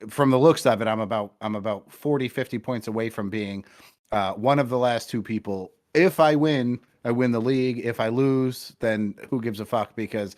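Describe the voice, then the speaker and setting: A man's voice: fairly low pitch, darkish tone. A man co-hosting a podcast over a call, rambling about sports in a profane, self-deprecating way. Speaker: podcast co-host. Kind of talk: casual sports chat. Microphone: remote call connection.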